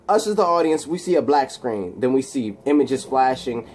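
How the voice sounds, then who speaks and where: A man casually retelling a film scene by scene, halting and restarting his words. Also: medium pitch, slight background noise.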